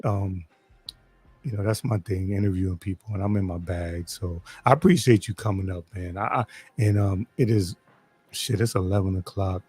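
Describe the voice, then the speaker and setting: A man's voice: deep voice, steady tone, moderate pace, a little mellow, slightly rough, no echo. Teasing middle-aged man hosting a chat. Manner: playful, teasing, laughs often. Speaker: host. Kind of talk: casual interview chat.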